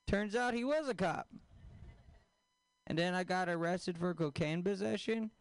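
A man doing a stand-up comedy set, deadpan, with crude punchlines and questions thrown at the audience. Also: sits high, a little slow, long pauses, smooth, no room sound.

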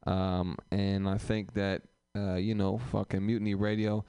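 A man's voice: lowish voice, flat delivery, measured pace, few pauses, mellow, clear, resonant tone, no echo, studio quality. A man hosting a comedy open mic who riffs on the audience in a profane, rambling, teasing way in a small live room. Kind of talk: live crowd work banter.

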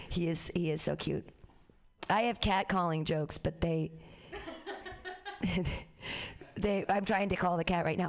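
A woman performing a rambling stand-up comedy set, jumping into high squeaky voices for the people she quotes. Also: steady tone, a little slow, long pauses.

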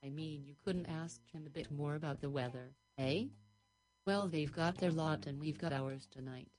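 A hopeful young heroine in a storybook tale, read by a woman. She speaks lightly and wistfully in a low voice. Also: moderate pace, darkish tone, natural voice.

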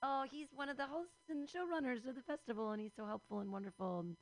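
A woman's voice: high voice, fast talker, no echo, low-quality recording. A woman emceeing a comedy show, teasing and bubbly as she introduces the next comic.

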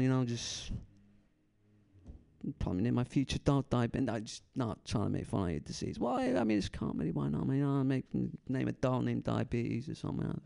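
A man in his twenties working the crowd from a club stage, talking in a loose, meandering stoner drawl. His mid-pitched voice carries a gravelly fry, and he keeps stalling and capping his lines with "man". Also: dark tone. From San Francisco Bay Area. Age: 20s. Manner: laid-back stoner drawl, trails off, says man constantly. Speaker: stand-up comedian doing crowd work. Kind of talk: stand-up crowd work.

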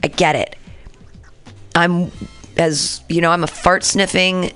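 A woman's voice: on the low side, steady tone, slow pace, a bit bright, clean tone, soft background music. A woman hosting a radio show, ranting casually and profanely about politics and talking back to the news. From San Francisco area. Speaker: radio host.

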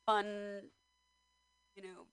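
A woman who is a guest comedian on a radio show, chatting casually in a small studio and making wry, deadpan quips between laughs. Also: mid-range voice, drawn-out words, clear, resonant tone, no room sound. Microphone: studio microphone.

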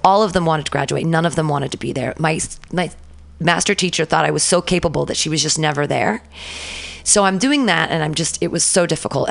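A woman telling a profane, animated story from her past as a guest in a casual interview. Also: sits low, gravelly.

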